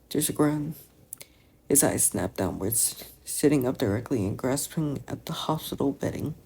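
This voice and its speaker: A fan-fiction reader narrating a story aloud in a soft, subdued voice. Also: medium pitch, sing-song, moderate pace, vocal fry, slight background noise. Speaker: podfic reader.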